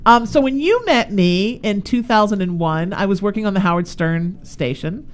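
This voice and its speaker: A woman's voice: medium pitch, animated, moderate pace. Woman radio host rambling thru funny family stories, laughs a lot, easygoing. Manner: chatty, laughing, self-deprecating storyteller. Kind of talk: casual storytelling chat. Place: radio studio with a live audience.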